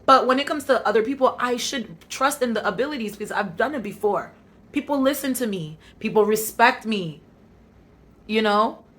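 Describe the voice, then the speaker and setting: Bright-voiced candid woman vlogging. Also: a little high, expressive, moderate pace. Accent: African American Vernacular English. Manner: candid, self-reflective, talking herself up. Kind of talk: casual vlog talk to camera.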